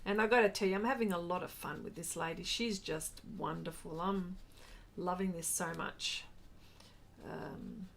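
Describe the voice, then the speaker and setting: Slight background noise accompanies this Australian woman's lowish, creaky voice, which holds a steady tone at normal speed. Hosting a laid-back art stream, she rambles amiably while responding to viewer comments, and she brightens and lifts in pitch when saying hello to viewers.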